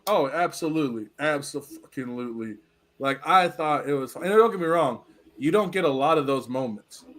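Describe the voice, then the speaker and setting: A man's voice: fairly high pitch, expressive, moderate pace, a bit bright. A man co-hosting a podcast, chatting casually and laughing often as he tells a story. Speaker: podcast co-host. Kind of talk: casual chat.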